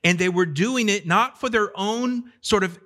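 Animated male pastor preaching, higher voice. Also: measured pace. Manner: conversational, animated preaching with questions to the congregation. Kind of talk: sermon.

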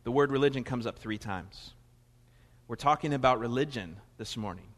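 A man's voice: mid-range voice, normal speed, fairly bright tone. A man from Florida with a Southern US accent, preaching a sermon in a chatty, digressive way that keeps correcting itself. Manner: conversational, digressive with self-corrections. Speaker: pastor. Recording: long reverb of a large hall.

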